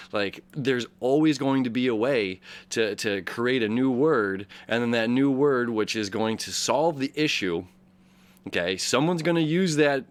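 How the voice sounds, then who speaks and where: A man hosting a daily astrology show, talking through the chart in a rambling, casual way, full of fillers and restarts. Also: medium pitch. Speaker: astrology host. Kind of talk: casual explanatory monologue.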